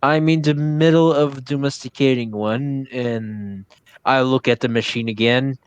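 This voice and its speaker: A man's voice: medium pitch, a little slow, clean tone, no room sound, dull audio. A man playing a tabletop game, speaking in character in a formal, slightly stilted way. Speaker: player. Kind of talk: in-character tabletop role-play.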